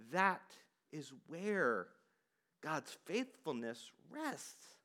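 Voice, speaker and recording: High, lively-voiced man preaching. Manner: emphatic, dropping to quiet for stress; rhetorical questions to the congregation. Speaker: pastor. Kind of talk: sermon.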